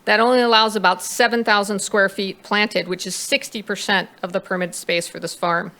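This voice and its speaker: Woman consultant walking a commission thru the numbers, bright clear tone, some ums. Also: medium pitch, steady tone, moderate pace. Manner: reads out figures, with some fillers. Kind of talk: presenting to a planning commission.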